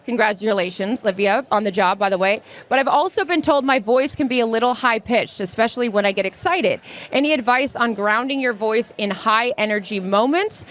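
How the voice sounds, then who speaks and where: Chatty fast-talking woman co-host. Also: on the high side, a bit bright. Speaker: podcast co-host. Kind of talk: live podcast advice Q&A. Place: live stage event.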